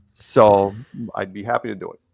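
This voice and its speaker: A man's voice: on the low side, steady tone, moderate pace, vocal fry. A man who is a podcast guest, telling rambling anecdotes in casual conversation and acting out quotes along the way.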